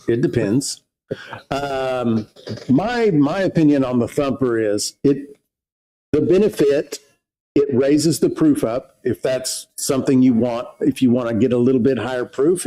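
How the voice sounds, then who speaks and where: A man with a mellow, relaxed voice co-hosts a casual livestream. He reads viewer questions aloud and answers them in plain, practical terms. His voice sits at an ordinary pitch. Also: rough recording. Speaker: livestream co-host.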